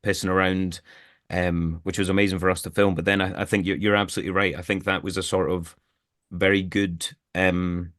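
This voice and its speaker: A man with a low voice chats loosely as a guest on a podcast. He rambles with restarts and fillers. The sound is dry and close. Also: little pitch movement, a little fast, fairly bright tone, no room sound. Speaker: actor guest. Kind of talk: casual interview chat.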